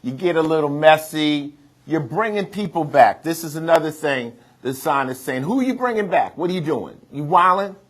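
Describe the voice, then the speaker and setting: A man's voice: fairly high pitch, expressive, normal speed. A man hosting a TV mediation, bluntly questioning and teasing a roommate in slang. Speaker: TV mediator host. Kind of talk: TV mediation hearing.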